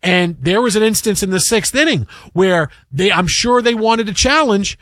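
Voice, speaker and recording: Sports talk host, young man, high-pitched, rambling, animated storyteller, dry booth sound. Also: moderate pace, dry recording. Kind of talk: casual sports talk banter.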